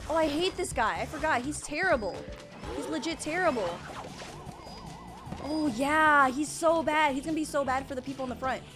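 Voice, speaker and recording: A young woman plays a game on a casual livestream, rambling and panicking out loud over the game music. Her expressive voice sits high and moves at normal speed.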